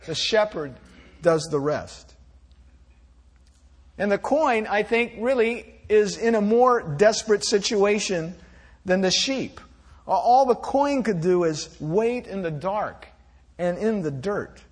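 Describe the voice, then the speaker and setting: A male pastor gives a sermon in a high, light voice, speaking slowly and gently. He is reflective, and now and then restarts a phrase before carrying on. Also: lively intonation.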